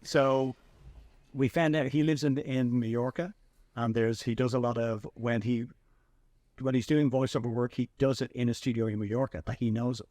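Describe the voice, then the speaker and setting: An Irish man hosting a podcast, telling animated anecdotes in a casual chat with frequent restarts. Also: mid-range voice, moderate pace, dry recording, clean studio sound. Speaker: podcast host and filmmaker.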